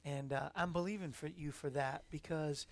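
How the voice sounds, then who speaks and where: Gravelly encouraging talk show host. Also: male voice, on the high side, steady tone, normal speed. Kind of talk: casual Christian talk show chat. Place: TV studio.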